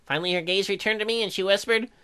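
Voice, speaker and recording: A woman reading dating-sim narration aloud in a deadpan way, broken up by crude joking asides. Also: medium pitch, very fast, clear, resonant tone.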